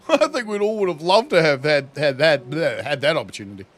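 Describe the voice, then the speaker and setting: A man's voice: on the high side, lively intonation, fairly quick. Chatty, swearing gamer guy streaming. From New Zealand. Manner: chatty, laughs often, swears freely. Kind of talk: casual gameplay livestream commentary.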